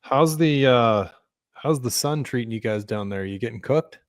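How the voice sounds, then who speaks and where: A man's voice: mid-range voice, normal speed, no room sound, studio quality, soft background music. A man co-hosting a podcast, chatting in a friendly, jokey way with casual swearing. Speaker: podcast co-host. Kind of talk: casual chat.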